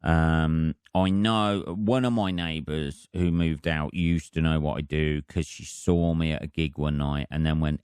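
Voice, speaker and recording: A man hosting his own podcast as a comedian, rambling through a casual solo monologue in a deadpan, heavily sweary way. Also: a bass voice, a little slow, few pauses, clear, resonant tone, no echo, clean studio sound.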